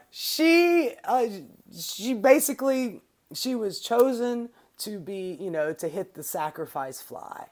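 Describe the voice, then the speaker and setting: A woman's voice: medium pitch, takes it slowly, a little mellow. A woman hosting her own political commentary show, ranting casually with sarcasm and swearing.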